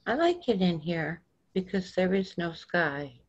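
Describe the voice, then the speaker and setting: A woman voicing a small, gentle, earnest boy who speaks in a childlike, plaintive way. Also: fairly low pitch, sing-song, unhurried, breathy edge, full character voice. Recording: dull lo-fi recording.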